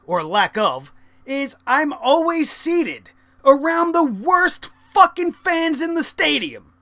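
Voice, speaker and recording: High, bright-voiced man ranting angrily. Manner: angry, swearing constantly, ranting. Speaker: wrestling show reviewer. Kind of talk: profane ranting vlog review.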